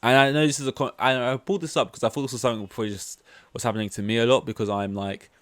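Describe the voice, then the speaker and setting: A man's voice: mid-range voice, steady tone, racing, dry recording. A man hosting a casual solo podcast, talking in a rambling, candid and self-deprecating way. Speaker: podcast host.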